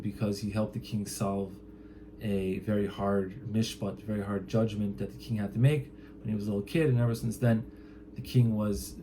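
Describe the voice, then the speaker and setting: A man's voice: fairly low pitch, warm tone, slight background noise. A man casually retelling a traditional story from memory, chatty and loose, with lots of fillers and "he's like" quotes. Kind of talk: casual spoken retelling of a folk tale.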